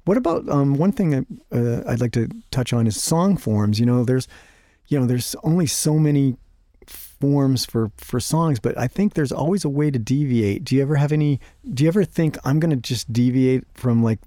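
A man's voice: mid-range voice, dark tone, dry recording, clean studio sound. A man hosting an interview, asking rambling questions full of fillers and restarts. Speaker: interview host. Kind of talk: casual interview talk.

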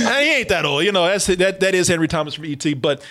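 Casting: laid-back American guy, a bit high, swinging pitch, cracking jokes. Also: quick pace. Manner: animated, laughing, profane. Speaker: podcast host reviewing a series. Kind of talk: casual comedic chat.

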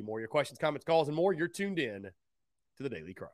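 A man's voice: mid-range voice, lively intonation, brisk, dry recording, studio quality. A man hosting a call-in sports talk show, upbeat and fond of repeating phrases for emphasis. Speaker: sports radio show host.

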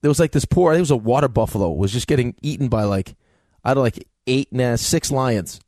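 Quick-talking teasing radio co-host, man. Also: medium pitch, lively intonation, darkish tone, no echo, studio quality. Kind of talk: casual studio banter. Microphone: studio microphone.

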